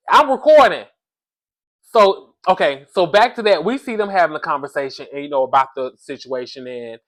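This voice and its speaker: A man giving a casual, animated recap of a reality show, talking straight to his viewers and often adding "allegedly". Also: fairly high pitch. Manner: animated, talks to the audience as "y'all", says "allegedly" often. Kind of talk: casual commentary.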